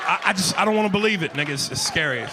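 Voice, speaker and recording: A man doing stand-up comedy, profane and animated, slipping into character voices. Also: on the high side, rapid-fire, heavy background noise. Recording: live club mic with loud crowd.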